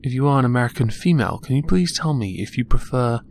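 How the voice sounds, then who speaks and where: Young English-accented man, mid-pitched, dry and sardonic YouTube commentary, faint hiss behind. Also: animated, quick pace, few pauses, a little mellow. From England. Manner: dry, mocking, self-deprecating. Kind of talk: sarcastic vlog commentary.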